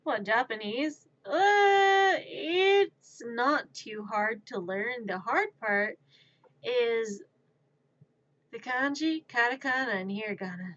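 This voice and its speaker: Playful rambly woman streaming, talks real slow, kinda muffled audio. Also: fairly high pitch, lively intonation, fairly bright tone. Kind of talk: casual livestream chat.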